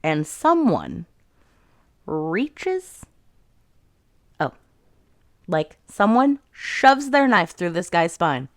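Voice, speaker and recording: A book reviewer with a lowish voice, huge pitch swings, drawn-out words and frequent pauses recaps a fantasy novel in casual chat. She swears freely and quotes the characters with "she's like." The recording is dry and studio quality.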